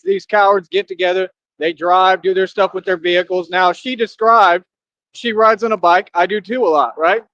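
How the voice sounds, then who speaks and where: A man's voice: sits high, a bit bright, dry recording, highs cut off. A man live-streaming while walking outdoors, rambling and laughing constantly, repeating himself.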